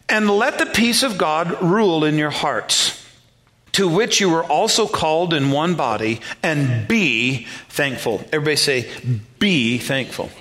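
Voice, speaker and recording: A middle-aged man delivering a sermon with a bright, forceful tone and a slightly high voice. He preaches conversationally and pokes fun at himself. He stops to get the congregation to repeat key words back to him. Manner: conversational, self-deprecating, calls for congregation responses. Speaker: pastor.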